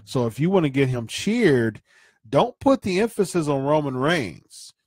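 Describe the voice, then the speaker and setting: A man's voice: fairly high pitch, big pitch swings, measured pace, slightly rough, no echo, studio quality. A man hosting a wrestling podcast, giving casual opinion commentary in an opinionated way, often repeating and restarting his phrases.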